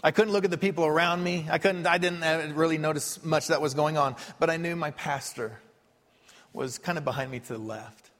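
Animated preacher man in an echoing church. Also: fairly high pitch, brisk. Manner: animated storytelling, voice rising and falling. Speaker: pastor. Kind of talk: sermon. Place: church sanctuary. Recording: long reverb of a hall.

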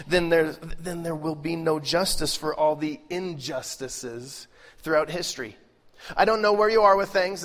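Animated preacher in a reverberant hall. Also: male voice, a little high. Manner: animated, joking, swings between loud and hushed. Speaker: pastor. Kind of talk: sermon. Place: large church hall. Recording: live sermon with long hall reverb.

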